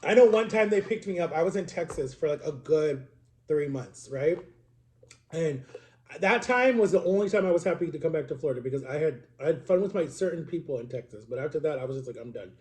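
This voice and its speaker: A man's voice: on the high side, lively intonation, a little fast, a little mellow. A man in his thirties talking casually to the camera in a personal vlog, rambling and confessional with lots of filler words. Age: 30s. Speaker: vlogger.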